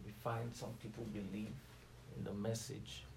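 A man's voice: fairly low pitch, little pitch movement, normal speed, gravelly, reverberant, noisy background. A man teaching from the Bible in a conversational sermon style, asking his listeners questions and leaning hard on key words. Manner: builds to emphatic, rising stresses on key words; asks the listeners questions, waits for replies. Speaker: preacher.

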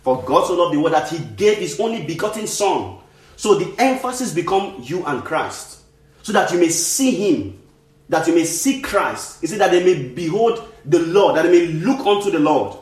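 A man's voice: fairly high pitch, lively intonation, moderate pace. A man preaching a sermon in earnest, repeating and restarting phrases for emphasis. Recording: echoey room.

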